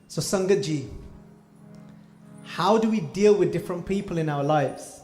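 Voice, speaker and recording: Male preacher, high voice, echoey room, soft music underneath, animated storyteller. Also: normal speed. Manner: animated storytelling, acting out quoted lines. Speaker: Gurmat class teacher. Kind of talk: storytelling sermon. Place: hall.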